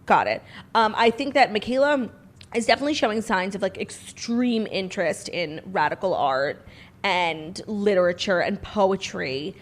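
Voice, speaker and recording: A woman's voice: medium pitch, moderate pace. A woman co-hosting a casual chat show, playful and chatty, sometimes mimicking a prince. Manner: playful, chatty, slips into a mock British prince voice. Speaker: podcast co-host. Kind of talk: casual chat with comic royal impressions.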